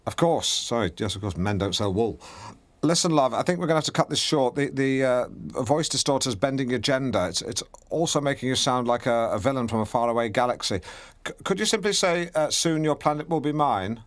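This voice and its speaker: A man's voice: mid-range voice, animated, fairly quick. A man hosting a radio show, talking in a bumbling, awkward and self-important way. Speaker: radio presenter. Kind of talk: comic radio presenting.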